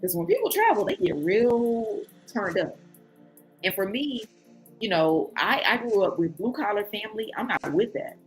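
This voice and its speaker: Telling a travel tale in a casual vlog, this woman speaks at normal speed in a medium-pitched voice, with soft background music. The travel vlogger is animated, voicing other people herself whenever she quotes them.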